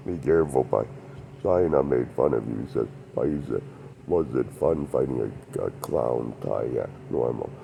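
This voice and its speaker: A man putting on the voice of a taunting male challenger, asking slow, mocking questions over a noisy background hiss. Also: a bass voice, expressive, vocal fry, mellow, pitched below the performer's own voice, full character voice.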